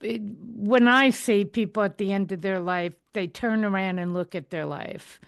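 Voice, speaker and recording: A woman hosting a podcast chats casually with her guest, offering frequent small affirmations and sharing her own view. Her voice is mid-pitched and sounds close and dry, with no room echo. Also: normal speed, smooth. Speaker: podcast host. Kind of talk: casual interview chat.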